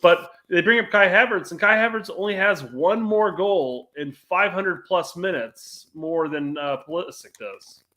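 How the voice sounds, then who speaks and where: A man's voice: high voice, a little slow, sharp tone. A man hosting a casual soccer podcast, easygoing and laughing often, with lots of fillers. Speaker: podcast host.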